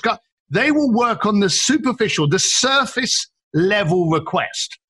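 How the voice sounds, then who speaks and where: Lively husky man telling stories. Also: sits high, a little slow. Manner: acts out quoted people, emphatic, repeats words. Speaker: guest. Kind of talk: animated storytelling.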